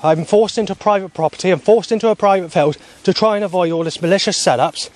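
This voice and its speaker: Out on a walk, this high-voiced, fast-talking man records a rambling video diary on a handheld camera he holds himself. He sounds agitated and swears a lot as he goes.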